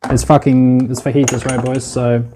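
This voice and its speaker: A man live-streams his cooking from a home kitchen on a phone, chatting casually, cursing freely and calling his viewers "boys." He delivers his words flatly at a moderate pace in a warm mid-range voice, with a little hiss or hum in the recording.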